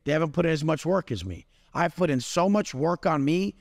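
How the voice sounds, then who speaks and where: A man's voice: a little high, expressive, brisk, a little mellow, no room sound, studio quality, long reverb tail. A man delivering a profane, aggressive motivational rant as an interview guest. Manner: aggressive, swearing heavily. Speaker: guest speaker.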